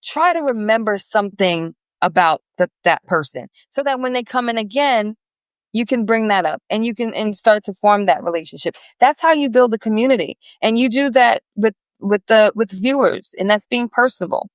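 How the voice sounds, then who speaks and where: A woman's voice: on the high side, animated, normal speed, no echo. A woman guest on a business podcast, chatting in a rambling, friendly way with many restarts. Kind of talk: casual interview chat.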